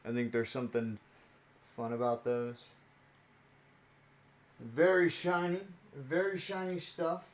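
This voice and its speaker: A man's voice: mid-range voice, flat delivery, takes it slowly, long pauses. A young man chatting casually on a stream while opening trading cards, rambling and playful and laughing often.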